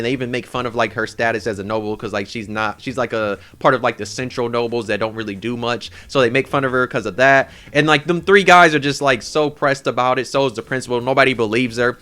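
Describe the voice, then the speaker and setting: A young man giving a casual, excited, rambling review of an anime, peppered with "like". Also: medium pitch, fast talker, hardly any pauses, clear, resonant tone. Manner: excited, rambling retelling with lots of "like".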